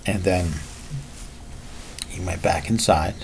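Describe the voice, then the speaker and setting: A man's voice: low-pitched, fairly even intonation, slow, vocal fry, a little hiss or hum. A man telling a martial arts story in a casual, rambling way, with frequent fillers.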